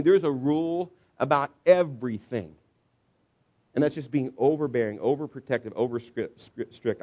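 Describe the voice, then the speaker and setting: A man preaching a conversational sermon on parenting as a pastor, animated, briefly acting out shouting parents. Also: on the low side, dull audio.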